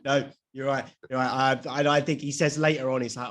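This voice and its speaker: A young man co-hosting a podcast in casual chat, chatty and quick to laugh, swearing now and then. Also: mid-range voice, steady tone, a bit bright. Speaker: podcast co-host.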